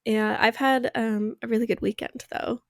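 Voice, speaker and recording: A woman's voice: on the high side, fairly even intonation, normal speed, no room sound, clean studio sound. A young woman co-hosting a casual podcast, telling stories in a chatty way with lots of fillers. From Arizona, US. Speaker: podcast co-host. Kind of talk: casual chat.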